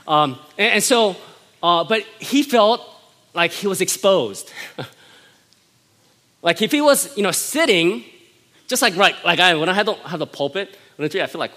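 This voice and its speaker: A man's voice: a little high, big pitch swings, a little fast, pushed and bright. A middle-aged man, a pastor, preaching a sermon in a conversational style, telling family stories with frequent laughs.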